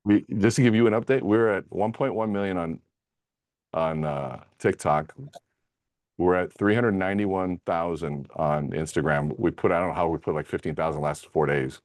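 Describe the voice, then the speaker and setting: A man speaking as an interview guest, telling stories in an excited, animated way. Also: low voice, moderate pace, dry recording, studio quality. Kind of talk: conversational interview.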